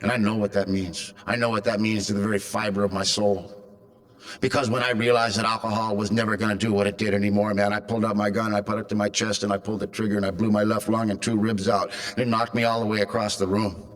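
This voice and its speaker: Fast-talking and level in tone, this man has a lowish voice. He is a recovery meeting speaker from California in his fifties, sharing a raw, darkly humorous story from his own life with a convention audience.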